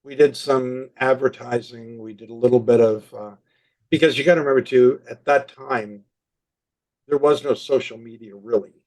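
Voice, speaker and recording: Older man, marketing guest, animated storyteller, mid-pitched voice. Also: normal speed. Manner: animated anecdotes with quoted dialogue. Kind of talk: storytelling in a podcast interview.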